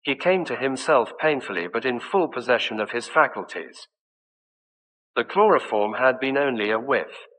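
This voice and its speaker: A man reading a mystery story aloud as an audiobook narrator, in an even, measured way. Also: medium pitch, in a large hall, low-quality recording.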